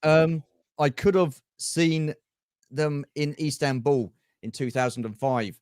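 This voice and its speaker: A middle-aged man co-hosts a football livestream, talking in a loose and chatty way and greeting people by name. His voice sits a little high for a man. The sound is dry and close. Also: slow pace, darkish tone, clean tone, no echo. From England. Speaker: livestream co-host. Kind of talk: casual football chat.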